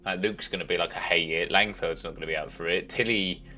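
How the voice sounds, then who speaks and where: A man's voice: deep voice, fast, sharp tone. A man livestreaming a game, chatting casually in a rambling, sweary way at a home desk mic. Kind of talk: casual chat while gaming.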